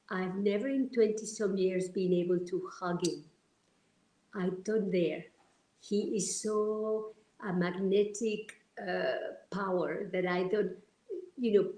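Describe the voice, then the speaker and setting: A woman from Argentina, sharing personal stories as a guest in a heartfelt, animated way. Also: fairly low pitch. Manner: heartfelt, animated, many restarts. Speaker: interview guest. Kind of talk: personal storytelling. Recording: roomy echo.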